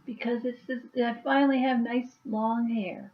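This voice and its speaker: Woman, casual vlog, unhurried, rambling, slightly muffled lo-fi sound. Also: a little high, fairly even intonation. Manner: chatty, rambling, with fillers. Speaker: YouTuber and author. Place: at home.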